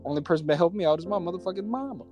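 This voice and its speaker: Podcast guest guy venting, loud and cussing, music playing under him. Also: high-pitched, racing. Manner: animated, profane venting. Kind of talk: casual podcast chat.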